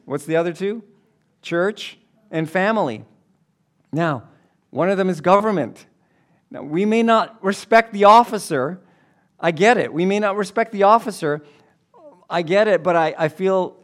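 A man preaching a sermon as pastor, reading scripture, telling jokes and repeating key phrases for emphasis. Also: sits high.

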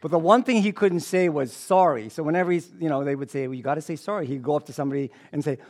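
A pastor preaching a sermon to his congregation, animated and joking with the audience. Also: a little high, very fast.

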